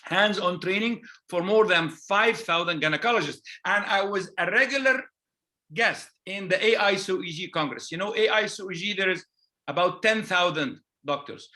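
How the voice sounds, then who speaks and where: A man with an Egyptian accent, a gynecologist telling stories in a lively conference talk, often adding "okay?" as an aside. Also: high-pitched. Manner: animated, anecdotal, with frequent "okay?" asides. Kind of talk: storytelling conference lecture.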